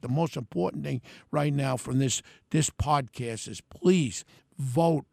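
Gravelly older New man ranting. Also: mid-range voice, unhurried, darkish tone, no room sound, clean studio sound. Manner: blunt, heated, ranting. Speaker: podcast host. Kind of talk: solo political rant.

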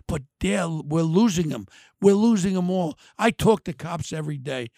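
An older man hosting his podcast, ranting bluntly and heatedly, often shouting insults. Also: fairly high pitch, creaky, dry recording, clean studio sound. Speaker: podcast host. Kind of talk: angry political rant.

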